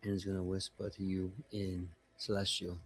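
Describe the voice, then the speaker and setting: A man playing a tabletop game, describing his character and speaking in a low, gentle, tender way. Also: monotone, normal speed, a little hiss or hum. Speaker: player voicing Marcus. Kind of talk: in-character tabletop role-play.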